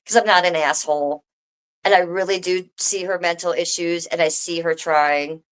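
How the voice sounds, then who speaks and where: A woman's voice: on the low side, normal speed, smooth. A woman live streaming from home, talking straight to her viewers in a casual, swearing rant. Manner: swearing, animated, talks to viewers directly.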